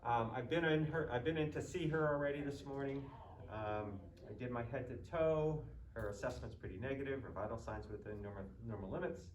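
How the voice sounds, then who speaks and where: A man's voice: medium pitch, brisk, recorded from a distance. A male nursing student methodically talking himself through a practice medication round, step by step. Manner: methodical, thinking aloud step by step. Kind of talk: narrated skills demonstration. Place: simulated hospital ward with med cart. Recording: roomy, off-mic, faint background noise.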